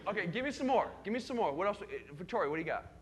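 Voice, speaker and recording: A man's voice: high voice, expressive, racing, long reverb tail. A man leading a church youth group, teaching in an engaging way and calling on the young people by name with questions.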